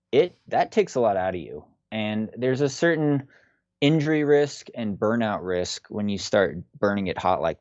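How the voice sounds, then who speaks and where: A man in his thirties, a guest chatting in a relaxed, rambling way with frequent fillers over a video call. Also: on the low side, dry recording, dull audio. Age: 30s. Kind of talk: casual chat on a video call.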